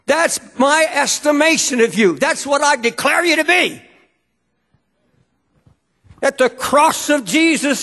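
A man with a strikingly high voice preaches with fervent emphasis, his words pressing hard on each point. His voice rings out with a long reverb trailing behind it, as if from a large church hall. The delivery is a full sermon, urgent and insistent. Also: lively intonation, takes it slowly, long pauses, pushed and bright.

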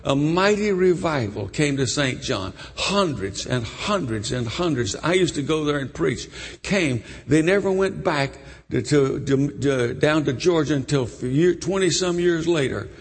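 A man preaching, telling a story in an animated way with repeats and restarts. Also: on the high side, unhurried, husky. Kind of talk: sermon storytelling. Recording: echoey hall.

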